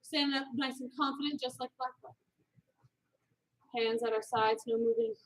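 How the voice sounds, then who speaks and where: A woman karate instructor leading a children's class in an indoor studio, upbeat, calling students by name and shouting commands. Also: on the high side, fairly even intonation, moderate pace, roomy sound, rough recording.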